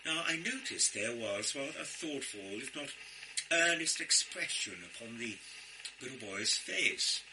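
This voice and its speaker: An actor playing a vain, florid out-of-work actor who tells a tale with pompous, self-admiring flourishes. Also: male voice, medium pitch, expressive, measured pace, background noise, close to an everyday voice. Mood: conspiratorial. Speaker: storyteller. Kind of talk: theatrical one-man storytelling.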